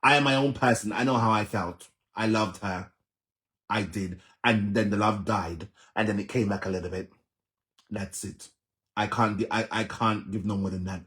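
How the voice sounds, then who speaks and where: A man's voice: lowish voice, steady tone, normal speed, a bit bright. A Jamaican man hosting a vlog, giving emphatic reaction commentary, repeating himself and often laughing. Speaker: vlog host.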